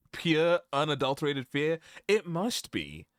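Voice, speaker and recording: A man's voice: on the high side, fairly bright tone, dry recording, clean studio sound. A young man chatting casually on a live stream while he plays, rambling and breaking into giggles. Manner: giggly, keeps breaking into laughter; rambling, self-interrupting. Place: home room.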